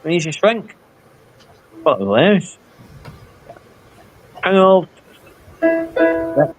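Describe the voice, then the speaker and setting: This is a man in his fifties chatting casually on a live stream, with a slightly higher pitch. He rambles through anecdotes and acts out everyone's lines as he goes. Faint music plays under his voice. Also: huge pitch swings, very slow. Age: 50s. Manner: rambling anecdotes with quoted dialogue. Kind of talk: casual chat.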